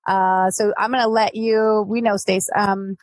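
A woman's voice: mid-range voice, flat delivery, unhurried, darkish tone, no room sound, poor audio. A woman hosting a live-streamed interview, chatting loosely with many restarts. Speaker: host.

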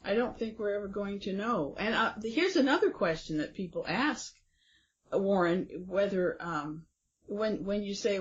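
A woman's voice: mid-range voice, moderate pace. Woman host talking casually, lots of ums, dull lo-fi sound. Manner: chatty, reads quotes aloud, frequent fillers. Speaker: interview host. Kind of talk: conversational interview. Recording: dull lo-fi audio.

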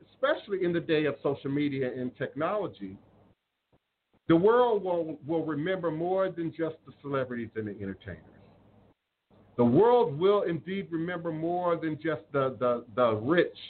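A man talks earnestly to his live-stream viewers in a fairly high voice, preaching and repeating his points for weight. The sound is thin and phone-like, with a faint hiss beneath it. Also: animated, moderate pace. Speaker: spiritual live-stream host. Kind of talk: live-stream talk, reading viewer comments. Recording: phone-like audio with faint noise.

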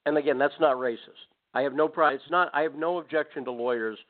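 A man's voice: mid-range voice, quick pace. A man hosting a talk radio show, telling a story with sarcastic, rambling asides. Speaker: radio host. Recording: phone-like narrow band audio.

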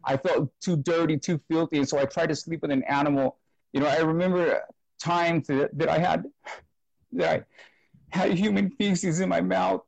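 Earnest man giving halting testimony. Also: fairly high pitch, gravelly, no room sound, poor audio. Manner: halting, repeats words and restarts, earnest. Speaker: interview guest sharing testimony. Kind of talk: emotional personal testimony.

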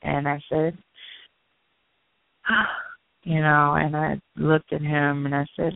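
Gravelly-voiced woman on a phone line. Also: sits low, slow pace, long pauses, no echo. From Annapolis, Maryland. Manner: animated, acts out dialogue. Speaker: guest. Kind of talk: personal storytelling in an interview. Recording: tinny phone-line sound.

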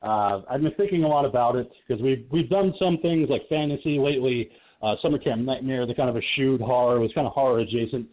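On phone-like call audio, a male podcast host with a mid-range voice talks at a quick pace, chatting casually about horror films and laughing often.

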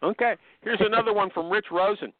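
A male podcast host talking in a rambling, excitable way, with a casual ad read mixed in. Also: high voice, a little fast, no echo, narrow, tinny audio. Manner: rambling, excitable, jumps into funny voices.

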